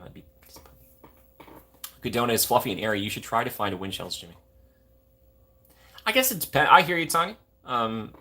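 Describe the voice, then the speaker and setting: A man's voice: on the low side, fairly bright tone, husky. A young man from Minnesota, hosting a livestream, chatting casually and going off on jokey tangents while reading viewer comments. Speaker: livestream host.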